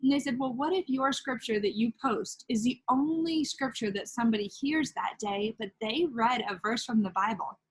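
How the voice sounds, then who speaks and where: Husky-voiced woman in animated faith chat. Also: a little high, moderate pace, few pauses, rough recording. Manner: animated, laughing, storytelling with quoted asides. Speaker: podcast host.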